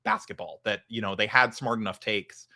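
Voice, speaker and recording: A man's voice: on the low side, moderate pace, creaky, bright, forceful tone. A man co-hosting a casual sports podcast, rambling and teasing, with lots of "like" and restarts. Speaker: podcast co-host.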